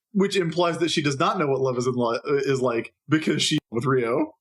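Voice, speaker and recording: A man co-hosting a casual fan podcast, playful and quick with jokey asides. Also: mid-range voice. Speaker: podcast co-host.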